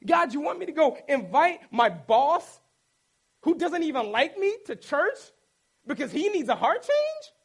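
Anxious reluctant man, whiny protesting questions, high voice, put on by a preacher. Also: big pitch swings, unhurried, gravelly, exaggerated voice. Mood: pleading. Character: reluctant anxious Moses, pleading with God.

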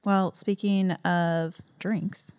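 A woman's voice: lowish voice, level tone, extremely slow, a little mellow, clear, resonant tone, dry recording. Woman co-host in a dry, close sound. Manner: upbeat, asks questions. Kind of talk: casual podcast chat.

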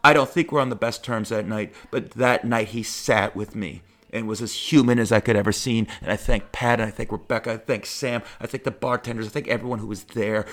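A middle-aged man, a stand-up comedian, telling personal stories in a profane, heartfelt, animated way. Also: fairly low pitch. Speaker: stand-up comedian, podcast host. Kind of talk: personal storytelling monologue.

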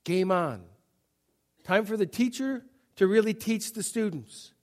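A middle-aged man with a notably high voice preaches to his congregation. He talks in an easygoing, conversational way and slips into quick character voices to act out the story. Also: lively intonation, darkish tone. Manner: conversational, acts out Bible scenes in voices. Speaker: pastor. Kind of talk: sermon.

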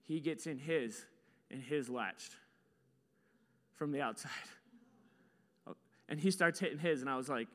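A man with a slightly high voice delivers a storytelling sermon, swinging from hushed asides to acted-out shouts. His voice rings with the long reverb of a large church hall. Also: measured pace, pauses often. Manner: animated storyteller, acts out his own panicked shouts. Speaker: preacher.

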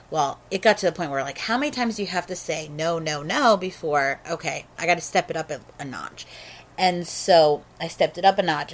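A woman's voice: sits low, a bit bright. A woman who works as a phone sex operator, telling stories from her job in a frank, matter-of-fact conversational way. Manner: frank and matter-of-fact, with many fillers and restarts. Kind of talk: candid conversational storytelling.

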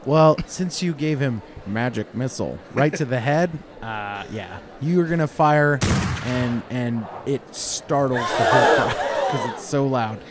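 A man's voice: medium pitch, unhurried, hardly any pauses, background noise. A man running a tabletop game talks in a mid-range voice. He narrates loosely, cracking jokes and stalling with fillers as he works out what happens next. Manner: casual, joking, hesitant with fillers. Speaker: game master.

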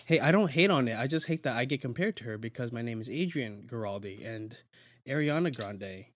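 A woman's voice: a bass voice, animated, a little fast. A young woman hosting a casual chat, playful and teasing, laughing often. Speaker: host.

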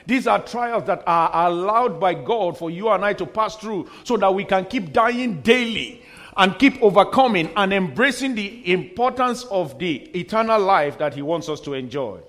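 A man's voice: sits high, animated, normal speed, a bit bright. A man preaching a sermon as pastor, emphatic, repeating refrains and dropping in humorous asides.

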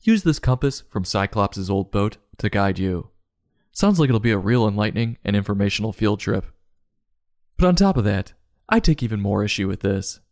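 A man's voice: lowish voice, sing-song, normal speed, a little mellow, no echo, clean studio sound. Sarcastic man roasting a book. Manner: sarcastic and mocking. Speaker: book reviewer. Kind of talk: comedic book review.

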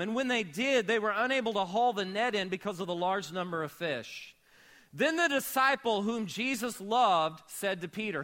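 A man pastor preaching a sermon, animated, moving between shouting and hushed storytelling. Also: sits high, moderate pace.

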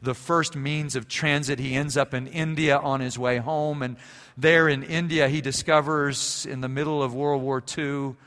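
A man's voice: mid-range voice, fairly bright tone. A male pastor preaching a sermon, telling a story and building to fervent emphasis, in an echoey church sanctuary.

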